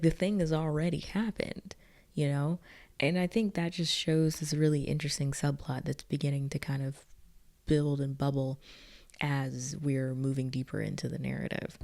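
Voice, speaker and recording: A woman with a very low, gravelly voice chats through a film recap in a loose, joking way. Her tone is dark and mellow, and "like" fills her sentences. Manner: chatty and jokey, lots of "like". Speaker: video essay host.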